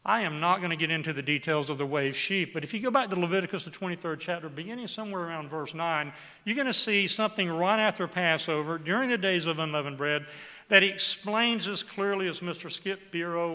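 Bright-voiced male preacher in a reverberant hall. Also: on the high side. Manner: reads scripture aloud with dramatic emphasis, slowing on key words. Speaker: pastor. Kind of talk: sermon. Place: church hall with a congregation.

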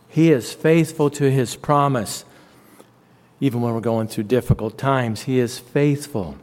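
A man preaching a sermon, slow and deliberate, leaning on repeated phrases for emphasis. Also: mid-range voice, darkish tone. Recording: long reverb.

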